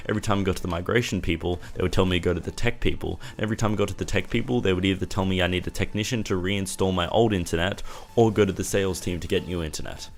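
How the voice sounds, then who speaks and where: A young man vlogging, ranting in an exasperated, casual way and swearing now and then. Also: sits low. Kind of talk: casual rant to camera.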